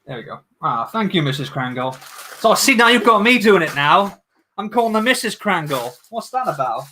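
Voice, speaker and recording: Bright, chatty man streaming. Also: high-pitched, sing-song, moderate pace. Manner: jokey, chatty, talks to viewers. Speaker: livestream host. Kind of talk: casual livestream chat while building.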